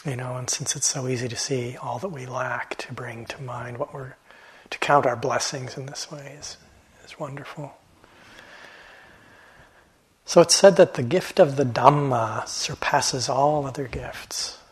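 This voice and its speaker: A man teaching meditation in a gentle, reflective dharma talk, halting often and letting phrases trail off softly. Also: mid-range voice, steady tone, slightly rough, poor audio. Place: meditation hall.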